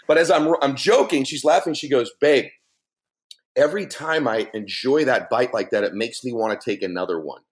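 A middle-aged man telling a story in a podcast conversation, animated and laughing, with big swings in his voice. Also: mid-range voice, fairly quick. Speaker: podcast guest, motivational speaker.

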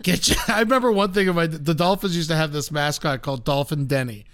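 A man with a slightly high voice co-hosts a podcast, telling rambling comic stories. He laughs often and jumps into loud, animated voices when he quotes people. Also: fast, clean tone. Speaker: podcast co-host. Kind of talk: casual comedic storytelling.

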